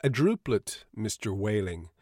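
A man doing a smooth, lecturing old doctor. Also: on the low side, very animated, warm tone, no room sound, clean studio sound. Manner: lecturing, brisk and emphatic. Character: composed older male doctor, smoothly persuasive.

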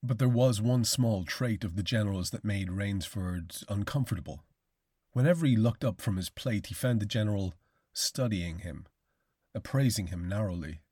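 A man narrating a classic short story in a measured, formal audiobook reading. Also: lowish voice, a little mellow, slightly rough, dry recording, studio quality.

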